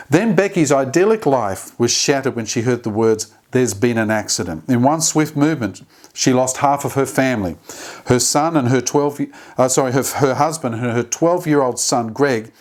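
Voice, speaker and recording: Male devotional host at a middle pitch. Earnest storyteller who stumbles and restarts now and then. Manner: earnest, with small slips and restarts. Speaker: host of a short daily devotional. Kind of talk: devotional talk retelling a story.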